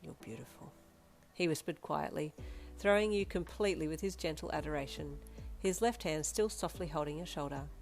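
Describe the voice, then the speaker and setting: A woman with a very low voice, reading fanfiction aloud in a steady storytelling style. Faint music plays underneath her narration. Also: brisk, vocal fry. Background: faint background music.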